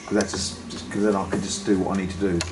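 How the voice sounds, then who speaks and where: A man's voice: low-pitched, level tone, fast talker. A man in the audience speaking up in a group discussion, rambling and wry in a plain-spoken way. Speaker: audience member. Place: meeting room. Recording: echoey room, noisy.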